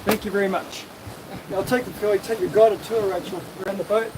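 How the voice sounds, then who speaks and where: A man with a New Zealand accent hosts a casual, upbeat, jokey live stream from a sailboat at sea as a sailing vlog host. His high voice is fairly quick with fairly even intonation, and wind and water noise can be heard on deck.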